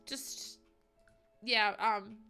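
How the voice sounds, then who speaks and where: A young woman streaming to her chat, talking casually while in pain after surgery, apologetic and emotional, pausing to breathe through it. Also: medium pitch, fairly even intonation, gravelly, pushed and bright, clean tone, soft background music. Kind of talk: casual chat to a livestream audience.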